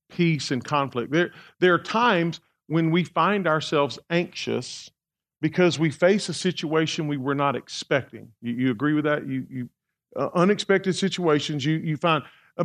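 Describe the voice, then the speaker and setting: Pastor guy w a high voice, chatty sermon, keeps repeating himself and asking the crowd stuff. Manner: conversational, repeats words, asks the congregation questions.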